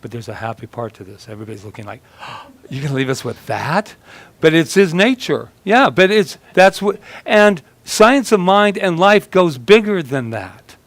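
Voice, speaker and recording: A man's voice: high-pitched, big pitch swings, normal speed, dry recording. A male minister giving a conversational sermon, telling stories with a humorous, self-deprecating manner.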